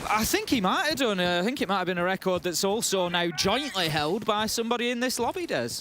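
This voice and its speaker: High-voiced esports analyst. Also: male voice, animated, fast, noisy background. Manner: analytical, eager, conversational. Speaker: esports caster. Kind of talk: color commentary.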